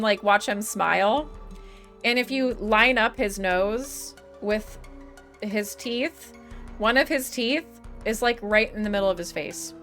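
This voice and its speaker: A woman's voice: mid-range voice, fairly bright tone. A young woman streamer chatting casually with her live chat, swearing and laughing often, her voice starting to give out. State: losing her voice.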